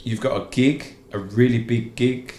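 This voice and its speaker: A man's voice: mid-range voice, steady tone, unhurried, darkish tone, echoey room. A man hosting a casual interview, asking his guest questions with friendly, encouraging prompts. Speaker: interviewer, channel host.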